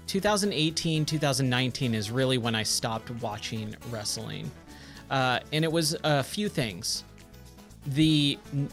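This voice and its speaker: Male streamer, unhurried, awestruck casual chat, thanks chat often; faint game music under. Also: a little high. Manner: chatty and easily awed, thanks viewers warmly. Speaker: livestream gaming host. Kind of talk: casual livestream chat while gaming.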